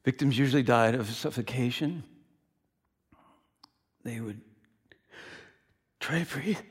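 A male pastor preaching a sermon in a dramatic, emphatic way that swings between loud and quiet. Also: medium pitch, slow pace, slightly rough.

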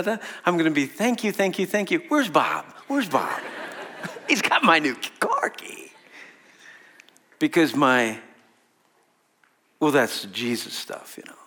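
His voice on the high side and a bit bright, a man delivers a chatty sermon to a gathered audience, posing questions and laughing often along the way.

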